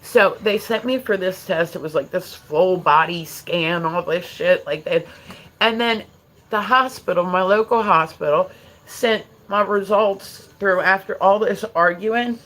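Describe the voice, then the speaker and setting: A woman's voice: fairly low pitch, a little slow, fairly bright tone, rough recording. A woman chatting casually on her livestream, frank and talkative, swearing freely as she talks to her viewers.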